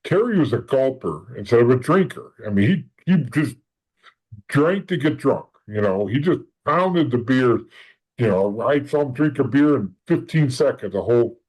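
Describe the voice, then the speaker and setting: A man of middle pitch recounting his own past as a podcast guest. He rambles and restarts often and slips into the voices of the people he quotes. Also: lively intonation, moderate pace, darkish tone, slightly rough, low-quality recording. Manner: rambling, acts out quoted dialogue, frequent restarts. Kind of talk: casual storytelling in conversation.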